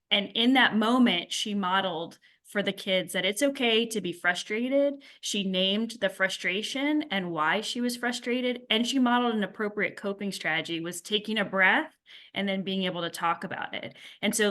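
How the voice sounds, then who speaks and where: A middle-aged woman with a bright, ringing tone speaks to parents at a school workshop. She talks in a loose, conversational way, full of fillers and restarts. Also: mid-range voice, normal speed. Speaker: school staff member.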